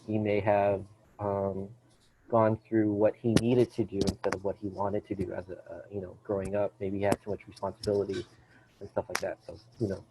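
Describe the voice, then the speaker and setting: A man's voice: lowish voice, little pitch movement, a little fast, warm tone, a little hiss or hum. A man hosting a podcast, chatting casually about a movie, rambling with many fillers and restarts. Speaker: podcast host. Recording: dull lo-fi sound.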